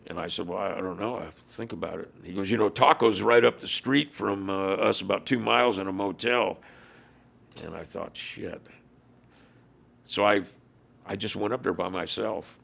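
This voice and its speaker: A man's voice: lowish voice, moderate pace, fairly bright tone. An older man, a former biker club leader, telling stories in an interview and acting out what people said. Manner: gravelly, acts out quoted dialogue. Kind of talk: storytelling in a podcast interview.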